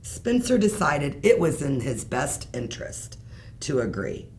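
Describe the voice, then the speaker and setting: A woman reading a bedtime story aloud in an expressive, unhurried way. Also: deep voice.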